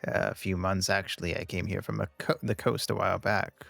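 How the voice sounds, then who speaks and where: A man voicing a calm, courteous male scholar who speaks in a measured, lecturing way. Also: low voice, vocal fry, dry recording, soft background music, pitched below the performer's own voice, heavily acted.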